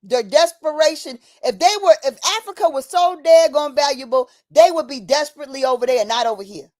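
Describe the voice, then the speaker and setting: A high, slightly mellow female voice moves at a fairly quick pace through an impassioned livestream monologue. The streaming mic sounds dry and close with no room sound, and the preachy host calls the listener "honey" while acting out quoted voices.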